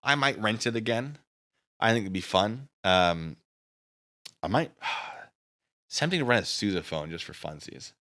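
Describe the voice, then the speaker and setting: A man's voice: fairly low pitch, lively intonation, a little slow, long pauses, bright, forceful tone. A man chatting casually on a live stream, rambling and hesitant, with many fillers.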